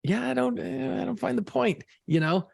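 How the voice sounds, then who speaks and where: A man's voice: very high voice, animated, normal speed, vocal fry, slightly rough, no echo, clean studio sound. A man co-hosting a podcast in casual chat, telling stories animatedly and swearing freely. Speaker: podcast co-host.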